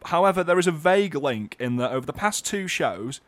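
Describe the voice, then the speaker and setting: A man co-hosting a comedic radio show, joking in a dry, playful, deadpan way. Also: fairly high pitch, fairly quick, dry recording. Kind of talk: comedic casual chat.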